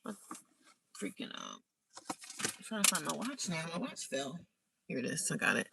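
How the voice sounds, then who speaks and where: A woman's voice: low voice, very animated, normal speed, creaky, recorded from a distance, very noisy. Sassy woman chatting from her car. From United States. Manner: sassy and chatty, calls listeners honey and girl. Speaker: vlogger. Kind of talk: casual chat to a live chat.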